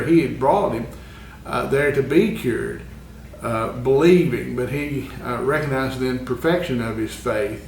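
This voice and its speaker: A man's voice: mid-range voice, vocal fry. Man, Bible class teacher, earnest, uh fillers, roomy echo, far from mic, faint hiss. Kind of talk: Bible lesson. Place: church classroom. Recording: echoey room, far from the mic.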